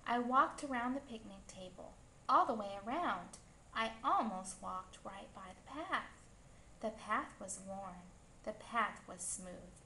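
A woman reading a picture book aloud to children in a slow, gentle storytelling manner. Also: medium pitch, lively intonation, slight background noise. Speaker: storybook reader. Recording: echoey room, faint ambience.

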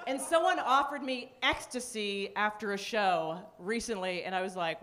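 Deadpan Canadian woman doing stand-up. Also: moderate pace, few pauses. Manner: dry, deadpan delivery with sudden high-pitched outbursts. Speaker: stand-up comedian. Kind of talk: stand-up comedy set. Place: comedy club stage. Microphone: handheld stage mic. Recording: live club recording with audience laughter. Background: audience laughter.

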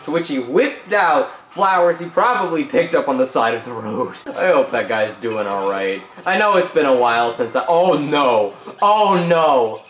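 Young man, gameplay commentary, lively jumpy pitch, profane and jokey, roomy echo, game music behind. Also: normal speed, few pauses, slight background noise. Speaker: gaming YouTuber.

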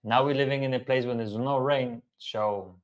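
A man's voice: medium pitch, fairly even intonation, normal speed, highs cut off. A man hosting a casual live Q&A, talking earnestly and repeating key phrases for emphasis. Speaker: host.

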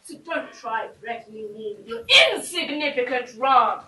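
A woman's voice: sits high, sing-song, moderate pace, sharp tone, exaggerated voice. A woman playing a boastful, taunting male demon king in a live stage play, recorded from far off in an echoey hall. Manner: mocking, taunting, laughing.

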